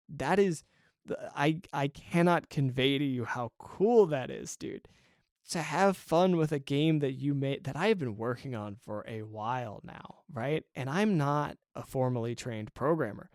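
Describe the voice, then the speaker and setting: Excited rambling man, dry close sound. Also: medium pitch, measured pace, no room sound. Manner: excited, rambling, laughs often. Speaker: podcast host and hobby game developer. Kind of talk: casual solo podcast monologue.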